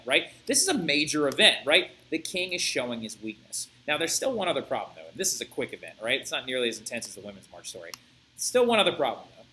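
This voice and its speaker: A young male history teacher giving a video lecture, telling the story in an animated way and often checking in with "right?". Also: mid-range voice, a little hiss or hum, low-quality recording. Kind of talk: flipped-classroom video lecture.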